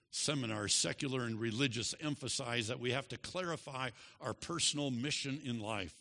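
A man preaching a sermon with emphatic, drawn-out stresses and big swings in pitch and loudness. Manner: leads the congregation in repeating a statement.

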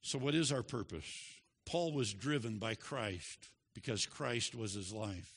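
A man preaching a sermon with emphatic, drawn-out stresses and big swings in pitch and loudness. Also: husky. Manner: leads the congregation in repeating a statement.

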